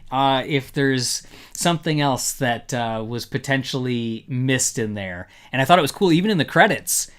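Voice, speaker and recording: A man's voice: medium pitch, expressive, normal speed, smooth. A man hosting a casual live review show, talking in a rambling, upbeat way with many fillers. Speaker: podcast host.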